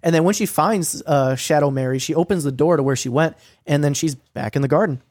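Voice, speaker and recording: A young man telling a story in casual chat, swearing a lot and filling his talk with "like" and "um," sometimes acting out quoted lines in a higher voice. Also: a little fast, a little mellow, no echo, clean studio sound. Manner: profane, rambling storytelling with many fillers; acts out quoted lines with a raised voice. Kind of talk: casual recap of a streamed game.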